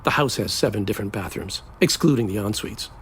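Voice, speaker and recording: A man's voice: on the low side, expressive, a little fast, a bit bright, husky, full character voice. A man playing a sardonic, theatrical groom. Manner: melodramatic, sardonic, swinging between drawls and outbursts. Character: flamboyant, bitter groom on wedding day. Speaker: actor in a stage play. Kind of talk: theatrical stage acting.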